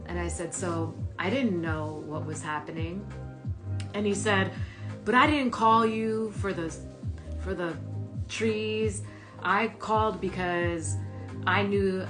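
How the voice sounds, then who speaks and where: A woman with a fairly low voice tells a personal story, blunt and profane, breaking into laughter as she goes. Music plays clearly under her voice. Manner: candid, profane, laughs while telling.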